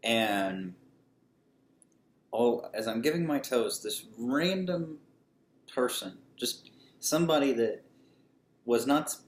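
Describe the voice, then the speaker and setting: A man telling a personal story in casual speech, halting often with fillers and restarts. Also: medium pitch, lively intonation, reverberant, slight background noise.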